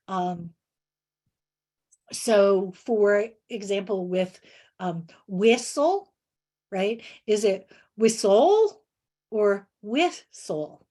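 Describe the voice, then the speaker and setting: A woman presenting on reading instruction in a webinar, answering questions in a halting way with many pauses and word examples. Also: mid-range voice, steady tone, a little mellow. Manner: halting, many fillers and restarts.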